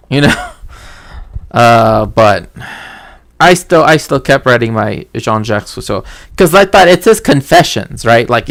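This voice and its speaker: A man's voice: medium pitch, fairly bright tone, dry recording. A man hosting a stream, telling a story in a rambling, self-interrupting way, often starting over mid-sentence. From Mexico. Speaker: stream host. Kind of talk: casual chat.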